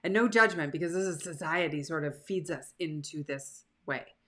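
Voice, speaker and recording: A woman's voice: deep voice, normal speed, bright, forceful tone. A woman hosting a live motivational show, talking casually and with animation to her online audience. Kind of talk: casual live-stream talk.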